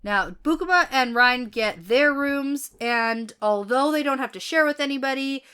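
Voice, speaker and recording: A woman's voice: high voice, moderate pace, bright, forceful tone, smooth. A woman co-hosting a podcast, chatting casually about a novel, recapping the plot and laughing easily. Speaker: podcast co-host. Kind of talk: casual book-discussion chat.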